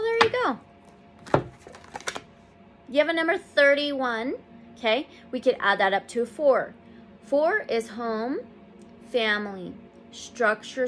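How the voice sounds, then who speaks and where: A woman's voice: fairly high pitch, fairly bright tone. A woman giving a casual tarot reading to camera, reading card meanings and gushing with emotion over the results. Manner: reads card meanings aloud slowly. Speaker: tarot reader.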